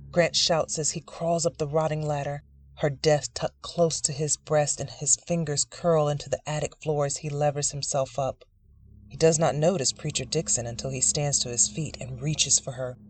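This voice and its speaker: A narrator reading a dark literary short story in a measured, dramatic way. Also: medium pitch, a little hiss or hum.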